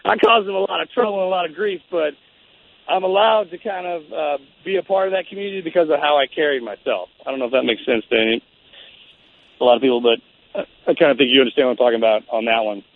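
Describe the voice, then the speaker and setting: A man in his forties, the guest, telling a story in a halting, rambling way full of restarts. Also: on the high side, gravelly, no echo. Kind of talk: casual storytelling. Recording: phone-like narrow sound.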